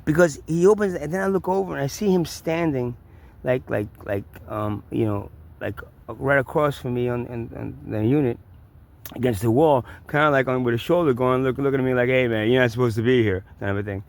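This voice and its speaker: Brisk and medium-pitched, this man's voice has vocal fry and a slightly mellow sound. He's a vlogger with a New York accent, spinning a rambling, profane personal story full of restarts and repeats.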